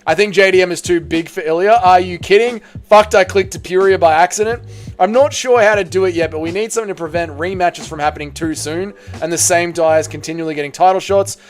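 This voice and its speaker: Aussie streamer, man, slightly high voice, animated chat host, casual and a bit sweary, faint music behind. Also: brisk. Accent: Australian.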